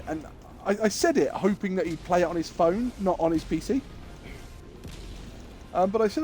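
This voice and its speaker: A man's voice: high voice, lively intonation, fairly quick, mellow, faint music behind. Crude, rambling streamer man. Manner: rambling, crude, jokey storytelling. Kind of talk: casual live-stream chat.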